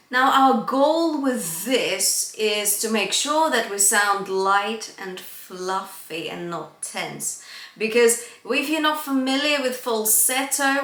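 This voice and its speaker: A young woman vocal coach talks through a singing lesson at an unhurried pace, her voice bright and a little high. She breaks into airy sung examples now and then. The room around her rings with echo. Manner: bright, upbeat teaching, breaks into breathy sung demonstrations. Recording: echoey room.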